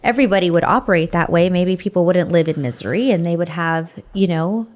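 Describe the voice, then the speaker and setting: Low-voiced woman hosting a podcast. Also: brisk, darkish tone. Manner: encouraging, with frequent short affirmations. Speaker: podcast host. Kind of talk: conversational interview.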